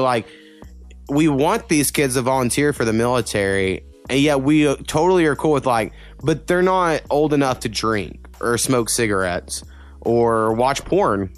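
A young man from Oklahoma in casual podcast chat, rambling with lots of fillers and swearing. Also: medium pitch. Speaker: podcast co-host.

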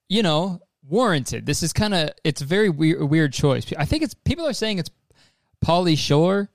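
A man's voice: a little high, dry recording, clean studio sound. A young man hosting a casual trailer reaction, rambling and joking with swearing. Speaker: host.

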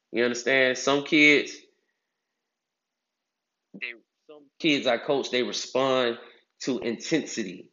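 A man's voice: mid-range voice, sharp tone. A man, giving casual advice and acting out other people's voices with big swings. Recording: echoey, slightly dull sound.

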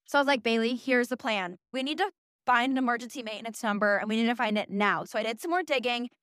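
A young woman in her early twenties with a high voice recounts her week as a podcast host. She talks in an animated, profane way and often makes fun of herself. The recording is dry and close. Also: fast, clean tone, no echo. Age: early 20s. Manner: animated, profane, self-mocking. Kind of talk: casual storytelling monologue.

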